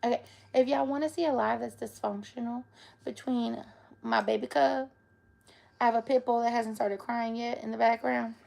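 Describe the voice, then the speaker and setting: A woman's voice: on the high side, steady tone, normal speed, vocal fry, mellow. A woman chatting on a live stream, playful and cooing at her pets in baby talk. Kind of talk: casual live-stream chat.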